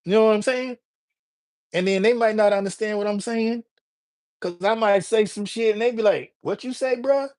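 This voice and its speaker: A man talks loosely to his livestream audience, his voice sitting a little higher than most men's. He keeps it easygoing and full of slang, calling out viewers by name as he goes. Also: steady tone, moderate pace, long pauses, darkish tone. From Alabama, USA. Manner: laid-back and slangy, greeting viewers by name. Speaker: livestream host. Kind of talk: casual livestream chat.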